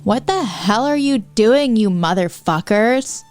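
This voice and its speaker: A woman doing a shrill valley-girl old headmaster. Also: lively intonation, takes it slowly, a little mellow, soft background music. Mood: furious. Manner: shrill, swearing, scolding.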